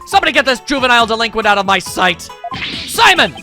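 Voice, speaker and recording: A loud, pompous male teacher who blusters, scolds and squeals with outrage, as a man puts him on. The voice sits high and leaps all over the place, over game music. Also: very animated, quick pace, exaggerated voice. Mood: panicked. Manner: blustering, indignant, theatrical. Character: pompous shouting middle-aged male teacher.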